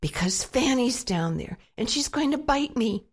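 A woman voicing a frightened little boy who shouts for help and bawls. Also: expressive, normal speed. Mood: whiny. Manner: high panicky shouting and bawling.

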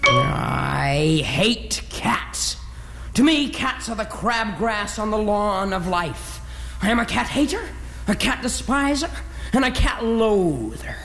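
A woman's voice: medium pitch, sing-song, slow pace, long reverb tail, music in the background. A woman playing a dramatic pet dog who hates cats, in a theatrical, brooding stage-musical style. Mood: melodramatic.

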